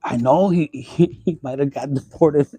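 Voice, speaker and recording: Foul-mouthed, high-voiced man reading tarot. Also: normal speed, warm tone, slightly rough, dry recording. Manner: profane, blunt and chatty, mixing in Spanish phrases. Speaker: tarot reader. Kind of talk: casual tarot reading vlog.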